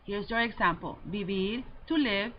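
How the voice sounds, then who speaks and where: A woman Spanish teacher giving a recorded lesson, slowly and deliberately drilling verb endings. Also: mid-range voice. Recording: slightly dull lo-fi audio with faint noise.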